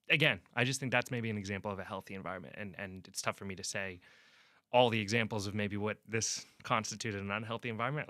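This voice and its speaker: A young man, a sports reporter, telling a story in an animated way and acting out quotes during a podcast interview. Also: lowish voice, no echo, studio quality.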